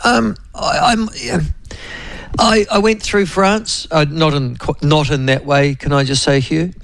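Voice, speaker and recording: A New Zealand man hosts a relaxed talk radio show, wandering from story to story with plenty of ums and uhs. His voice has a gravelly, creaky edge, and the recording is dry and close. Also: a little high, measured pace, no echo. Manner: rambling, chatty, many fillers. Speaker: radio host. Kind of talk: casual talk radio chat.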